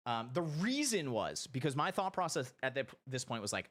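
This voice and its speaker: A young man streaming, telling a story casually, animated and profane, his voice shooting up when excited and sinking low when he reflects. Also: fast, no room sound. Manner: animated, swearing, jumps high in pitch when excited.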